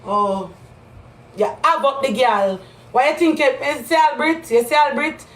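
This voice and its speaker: A high-pitched Jamaican woman on a live stream, hammering the same accusations over and over and breaking into loud shouts. Her voice rings around an echoey room. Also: unhurried. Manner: accusing, repetitive, loud outbursts. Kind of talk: heated live-stream rant.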